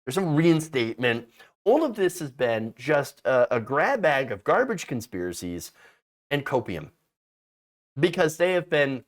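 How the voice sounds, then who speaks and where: A man hosting casual political commentary, sarcastic and mocking, often restarting and stammering mid-sentence. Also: a little high.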